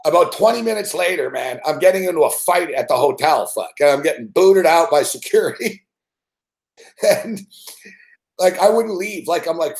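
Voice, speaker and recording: A man's voice: on the high side, animated, normal speed. A man hosting a show, telling a rambling, profane story in casual chat and laughing often. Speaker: show host.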